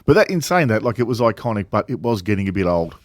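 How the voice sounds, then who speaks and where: A man with a low-pitched voice co-hosts a casual chat, often agreeing and drifting into rambling anecdotes. He is recorded dry and close. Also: big pitch swings, fast, no echo. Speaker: co-host.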